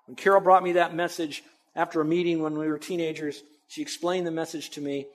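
A man's voice: a little high, level tone, a little fast. A man pastor preaching a sermon in a conversational, emphatic way with asides to the congregation.

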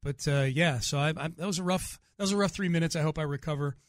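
A man's voice: on the high side, quick pace, no echo. A man hosting sports radio in a studio, chatting casually and poking fun at himself. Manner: self-deprecating, laughs easily. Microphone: studio mic.

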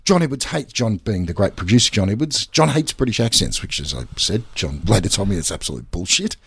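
A man, an actor, telling swearing, animated anecdotes in a casual chat. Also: fairly low pitch, a little fast, creaky, slightly rough. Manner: swears freely, animated storyteller, calls people mate. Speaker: actor and podcast guest.

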